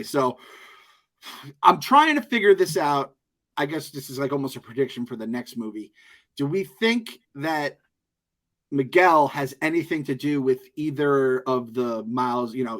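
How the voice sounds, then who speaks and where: Male podcast co-host, a bit high-pitched, casual musing delivery, swears offhandedly. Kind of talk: casual movie review chat.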